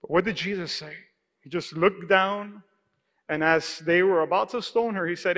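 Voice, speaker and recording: High, bright-voiced preaching man. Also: moderate pace, big-room sound. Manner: emphatic preaching, calls for congregation response. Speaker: pastor. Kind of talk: sermon. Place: church sanctuary.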